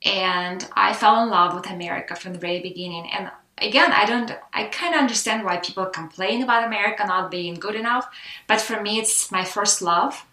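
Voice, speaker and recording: Animated Russian-accented woman telling her story. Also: medium pitch, brisk, reverberant, poor audio. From Soviet Union. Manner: animated storyteller, acts out quotes. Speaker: guest. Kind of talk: casual interview chat.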